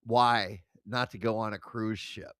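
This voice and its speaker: A livestream host reacting casually, giggling and swearing while high. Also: fairly even intonation, unhurried, a bit bright, no echo, clean studio sound.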